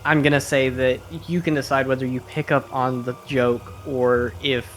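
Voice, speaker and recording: A man running a tabletop game, narrating scenes in a relaxed way with casual fillers. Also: mid-range voice, normal speed, a little hiss or hum. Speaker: game master.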